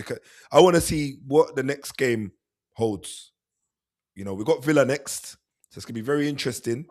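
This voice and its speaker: A man co-hosting a football podcast, talking fast and animated, acting out players' thoughts and laughing often. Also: mid-range voice. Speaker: podcast co-host. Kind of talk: casual football chat.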